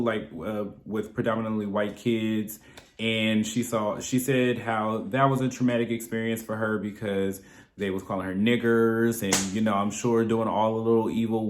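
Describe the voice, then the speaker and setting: A man hosting his own commentary channel, talking bluntly and with plenty of swearing. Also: on the low side. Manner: blunt, animated, profane. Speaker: reaction channel host. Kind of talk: casual commentary. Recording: roomy echo.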